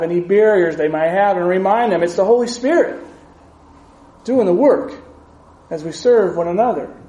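Male pastor, higher register, earnest and measured; reads scripture mid-sermon, roomy echo. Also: dark tone. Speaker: preacher.

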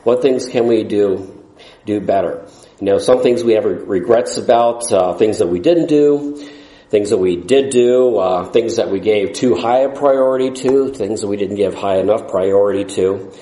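A man's voice: on the low side, moderate pace, mellow, reverberant, poor audio. A man preaching a sermon in a folksy, rambling way, with jokes along the way.

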